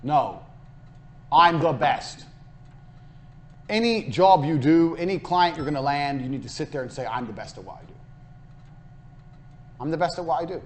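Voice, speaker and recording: A man's voice: on the high side, animated, a little fast, darkish tone. A young British man giving a blunt, swearing motivational business lecture, acting out sales conversations along the way. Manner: brash, blunt and swearing, acts out sales dialogues. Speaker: business course speaker. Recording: faint background noise, played in a game server.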